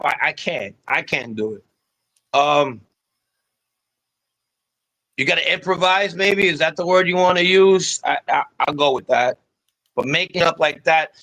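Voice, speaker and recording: A man holds forth in casual podcast talk. His voice sits slightly higher than most men's. He rambles and curses in a rough street style. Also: bright, forceful tone, low-quality recording. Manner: profane, rambling street talk with mocking impressions. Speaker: guest.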